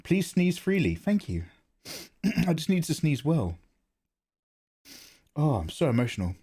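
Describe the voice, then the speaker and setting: A man's voice: on the high side, very animated, unhurried, mellow, husky. A man chatting casually with viewers while drawing on a livestream from his home setup. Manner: chatty, chats with viewers in the chat. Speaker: art streamer.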